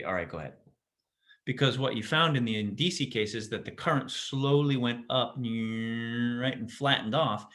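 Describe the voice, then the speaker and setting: This man's voice is mid-range and a bit bright. He teaches physics in a casual classroom lecture, often restarting sentences and checking in with students by asking "right?".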